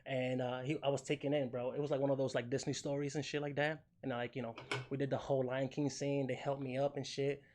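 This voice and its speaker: A young man hosting a casual gaming podcast, animated and joking, swearing freely and full of fillers. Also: medium pitch, fast, background noise. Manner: animated, joking, swears a lot, fillers like "you know what I'm saying". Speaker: podcast host. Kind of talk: casual chat.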